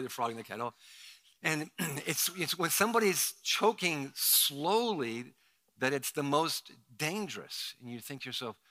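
In a mid-range voice, this middle-aged male pastor animatedly narrates a sermon story, performing the quotes and erupting now and then into sudden loud outbursts.

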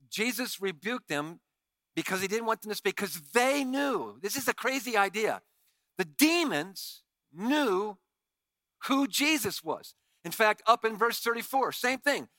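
A man preaching a sermon as pastor, reading scripture in an animated, emphatic way. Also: high voice, no echo.

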